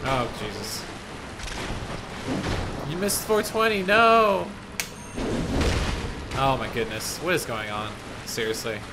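A young man chatting to his viewers and reacting loudly while he streams a game, with frequent panicky outbursts. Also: mid-range voice, big pitch swings, measured pace, pauses often, very noisy. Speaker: gaming streamer. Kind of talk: live gameplay commentary. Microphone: desk microphone.

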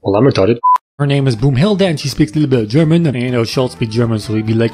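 A man tears through a movie plot with crude, sarcastic commentary. His voice sits at an ordinary middle pitch, and he swears freely while poking fun at what happens on screen. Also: animated, fast, mellow, soft background music. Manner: crude, profane, sarcastic, jumps into silly voices. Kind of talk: comedic movie recap narration.

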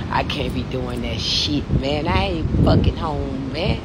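A woman ranting on a livestream, cursing hotly, her pitch swinging widely. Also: unhurried, hardly any pauses, very noisy. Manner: profane, heated ranting with big pitch swings. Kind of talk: livestream rant.

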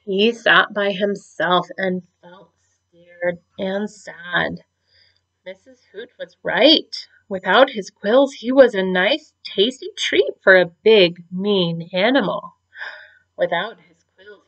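A woman teacher reading a storybook aloud to children in an expressive, gentle voice. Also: mid-range voice, takes it slowly. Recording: dull lo-fi recording.

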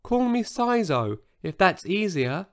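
A man voicing a huge, gentle male dinosaur who speaks in a tiny, timid, whispery voice for a storybook. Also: high-pitched, very animated, slow, pitched above the performer's own voice, heavily acted. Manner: soft, meek, whispery.

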